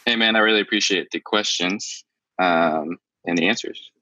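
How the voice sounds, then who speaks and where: A man's voice: low voice, moderate pace, pushed and bright, no echo, low-quality recording. A man asking a podcast host a question in a polite, hesitant way with lots of fillers. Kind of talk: casual Q&A.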